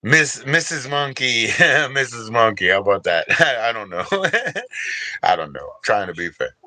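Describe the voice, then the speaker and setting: A man's voice: medium pitch, very animated, unhurried, pushed and bright, dry recording. An older man hosting a casual livestream, rambling and laid-back, reading out viewers' names and chatting with them. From Washington DC area, US. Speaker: livestream host.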